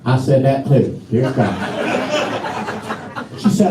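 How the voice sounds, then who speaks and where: A man's voice: mid-range voice, very animated, takes it slowly, pauses often, noisy background. A middle-aged man with a Southern US accent, performing live stand-up as a folksy, drawling storyteller. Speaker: stand-up comedian. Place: live comedy venue. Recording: roomy live room from a distance, faint ambience.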